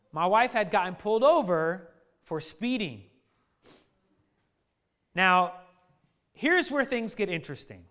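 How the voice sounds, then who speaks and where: A man in his thirties telling a funny family story to a live audience, lively and joking, often laughing at his own lines. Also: sits high, clear, resonant tone. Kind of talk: animated anecdote to a live audience.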